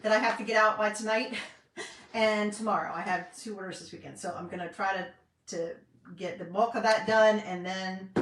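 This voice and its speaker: In a mid-range, fairly bright voice with slight hiss or hum, a middle-aged Southern woman from North Carolina chats on a live craft stream from her home craft room. A craft vlogger and independent designer, she fills her casual talk with fillers and folksy asides, and the echoey space makes her sound a little distant.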